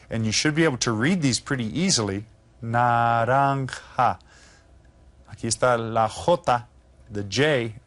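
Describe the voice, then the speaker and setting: A man teaching Spanish vocabulary to children, pronouncing each word slowly and drawn out, then asking the class to repeat it with friendly encouragement. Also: mid-range voice, fairly bright tone. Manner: slow, drawn-out pronunciation of vocabulary words.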